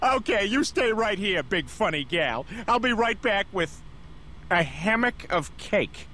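An actor playing a bumbling, loudmouth middle-aged cartoon dad who rambles and stammers when flustered. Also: male voice, high voice, sing-song, measured pace, a little hiss or hum, exaggerated voice. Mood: baffled. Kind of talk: animated cartoon acting.

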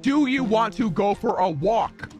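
A woman streamer in a casual live-stream chat, practicing a deeper voice by repeating lines and breaking into squeaky yelps. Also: expressive, unhurried, muffled recording, music in the background.

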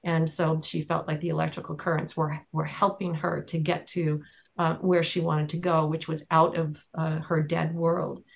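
Woman going over trial testimony, low flat voice, kinda gravelly, lots of ums and restarts. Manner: halting, with many fillers and restarts. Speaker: trial observer and advocate. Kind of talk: recounting courtroom testimony in conversation.

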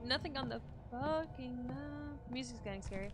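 A woman streaming a horror game live, excitable and swearing, yelping when scared. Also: a little high, moderate pace, hardly any pauses. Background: game music.

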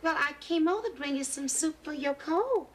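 A woman's voice: sits high, expressive, background noise. An actress in a sitcom playing a bossy, teasing woman who meddles in her friend's life, with a studio audience laughing. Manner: bossy, teasing, quick banter. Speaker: sitcom lead. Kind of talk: sitcom acting.

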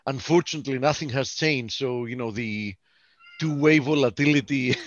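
Greek-born male analyst, halting and opinionated, dull dry call sound. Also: mid-range voice, fairly bright tone, no echo. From Greece. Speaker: market analyst, co-host. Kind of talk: casual market commentary. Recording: dull, dry webinar audio.

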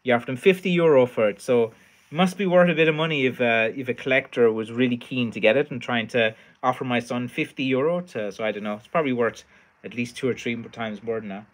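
A man's voice: medium pitch, quick pace. Tired rambling man on a livestream. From Ireland. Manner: rambling, many fillers and restarts, reads out chat. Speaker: livestream host, stick maker. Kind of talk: casual livestream chat.

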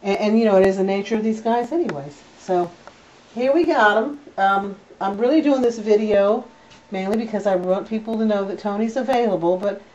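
A woman's voice: mid-range voice, brisk, darkish tone. A woman breeder giving a casual home video tour, talking in a chatty, doting way with many fillers. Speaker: dog breeder. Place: indoors at home with puppies. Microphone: camera held by a helper. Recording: slightly distant, dull camera audio.

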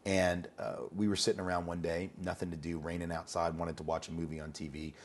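A man's voice: sits low, level tone, a little fast, a little hiss or hum. A man being interviewed as an educator, talking conversationally and telling anecdotes, often repeating words as he starts a thought.

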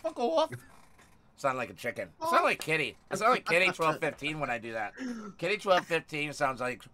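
A young man streaming a game live, excitable and loud, yelling and swearing at his chat. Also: fairly high pitch, brisk.

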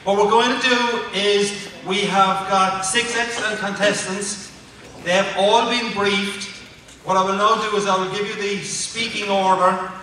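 A man's voice: high voice, steady tone, a little slow, sharp tone, slight background noise. An Irish man hosting a speech contest on stage, joking with the crowd and then giving orderly instructions. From Ireland. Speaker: contest toastmaster. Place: large hall. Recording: echoey hall recorded from far off.

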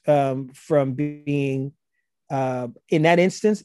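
A man's voice: on the high side, normal speed, dark tone, dry recording. A man from South Carolina with a Gullah Geechee accent, a podcast guest explaining language in a loose, chatty way with many fillers. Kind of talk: casual podcast conversation.

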